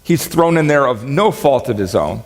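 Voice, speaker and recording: A man preaching from a church stage, his voice ringing on in a long hall reverb. He talks in a chatty, joking way and gets animated whenever he quotes. His pitch sits in the middle of the range. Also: normal speed. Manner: conversational, joking, animated when quoting. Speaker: pastor. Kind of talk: sermon. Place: church sanctuary.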